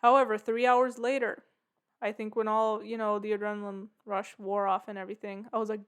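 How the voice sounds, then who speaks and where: Chatty woman podcaster, smooth voice. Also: medium pitch, little pitch movement, a little fast. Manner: rambling, lots of "like" and "yeah". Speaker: podcast host. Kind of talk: casual storytelling.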